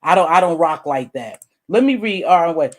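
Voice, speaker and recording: A middle-aged woman doing commentary straight to camera, blunt and animated, calling her listener "baby" and cursing freely. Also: normal speed. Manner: blunt and animated, swings high and loud when making a point. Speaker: YouTube commentator. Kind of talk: direct-address commentary vlog.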